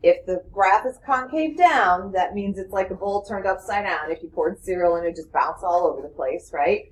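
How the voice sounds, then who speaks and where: A woman teaching math in a classroom, explaining with quick questions to her students. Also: fairly low pitch, rough recording. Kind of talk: classroom lecture.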